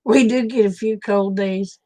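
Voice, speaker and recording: A woman's voice: mid-range voice, fairly even intonation, a little slow, mellow. A woman with an Oklahoma accent, chatting casually with viewers and telling folksy stories. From Oklahoma, USA. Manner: folksy storytelling, laughs often. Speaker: livestream host.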